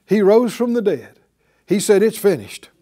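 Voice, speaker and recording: An older male preacher delivers a sermon, drawing responses from his listeners with hallelujahs and questions. His voice sits high and swoops with lively intonation as he acts out both sides of a remembered conversation. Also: moderate pace.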